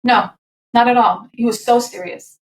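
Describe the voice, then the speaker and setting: A woman's voice: fairly high pitch, distant mic. Woman singer telling her story, roomy sound. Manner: animated, quick, with laughs and restarts. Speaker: guest, singer. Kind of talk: candid personal storytelling.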